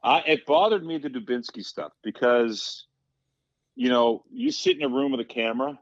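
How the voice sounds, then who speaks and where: A man with a mid-range voice, a podcast guest and former hockey player, tells stories casually at a moderate pace and acts out the lines of the people in them. He is an animated storyteller with some vocal fry. The recording has no echo, and the highs are cut off.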